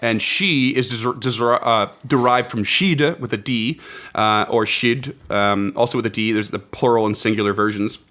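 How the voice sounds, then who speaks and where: A man's voice: mid-range voice, normal speed, a bit bright. A man hosting a casual podcast, reading out folklore notes with enthusiasm and laughing often. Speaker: podcast host.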